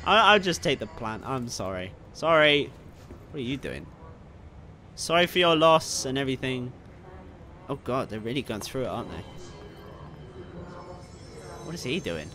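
Excitable swearing young man gaming. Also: mid-range voice, moderate pace, pauses often, faint music behind. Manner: excitable, swearing, yelling at enemies. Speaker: gameplay streamer. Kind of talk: live gameplay commentary.

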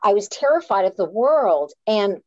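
Speaking at medium pitch and a moderate pace, this woman, a Canadian author and playwright, shares an anecdote on a live chat. She's lively and pokes fun at herself, frequently starting over mid-thought. The sound is dull and dry.

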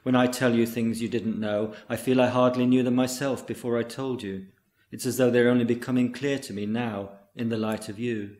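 A man reading the lines of a hopeful, gentle man newly in love in a literary story, calm and earnest. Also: mid-range voice, moderate pace, reverberant, natural voice. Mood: tender.

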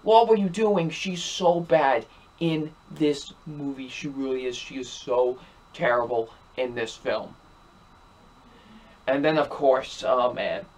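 A man's voice: mid-range voice, steady tone, slow pace. A young man giving a ranting movie review, exasperated and emphatic, repeating himself over and over.

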